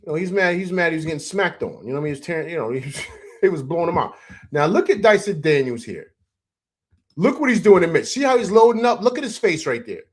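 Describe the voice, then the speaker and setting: Animated man talking sports, lively pitch. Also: fast talker, breathy edge. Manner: excited, animated, repeats "man" and "you know what I'm saying". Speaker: host of a postgame livestream. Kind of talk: casual sports commentary over highlights.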